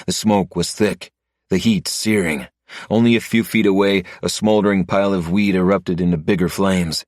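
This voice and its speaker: A man narrating a first-person story in a low, steady manner. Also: normal speed, dry recording, studio quality. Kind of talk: scripted narration.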